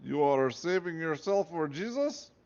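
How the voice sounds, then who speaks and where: A man voicing a panicky underling with a hammy Russian accent, pleading in a high, shrill voice. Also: expressive, measured pace, darkish tone. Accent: Russian (put-on). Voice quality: shrill, exaggerated comic accent. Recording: dull lo-fi recording.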